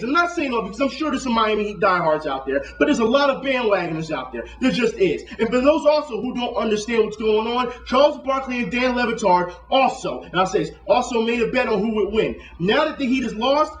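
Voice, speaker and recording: A man with a strikingly high voice delivers an angry, profane sports rant straight to his viewers. He lectures and curses nonstop. The sound is roomy and echoing, and he sits a little back from the microphone. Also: recorded from a distance. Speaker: vlogger.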